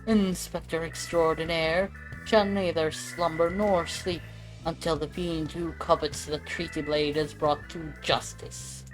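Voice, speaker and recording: Hildebrand, a woman's put-on British gentleman. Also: deep voice, steady tone, a little slow, over music, low-quality recording. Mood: grandiose. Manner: grandiose, flowery, old-fashioned. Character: gallant gentleman inspector, theatrical and proud.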